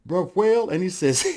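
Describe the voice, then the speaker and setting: A man telling a folktale as a storyteller, lively and addressing the audience, adding sound effects as he goes. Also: on the high side, slightly rough.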